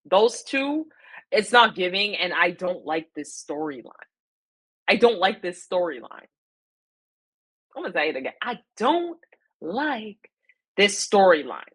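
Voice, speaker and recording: A woman in a chatty vlog, speaking in a slightly low voice. She is opinionated and emphatic, hammering her points home with repetition, slang and plenty of fillers. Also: animated, a little slow, pauses often, fairly bright tone. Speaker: vlogger recapping a reality show. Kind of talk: casual chat.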